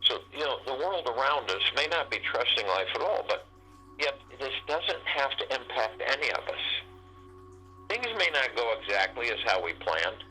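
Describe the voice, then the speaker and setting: Sharp-voiced man giving a spiritual talk. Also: medium pitch, very animated, poor audio. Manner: halting and repetitive, circling back to key phrases. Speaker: meditation call host. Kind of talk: spiritual teaching talk on a group call. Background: faint meditation music.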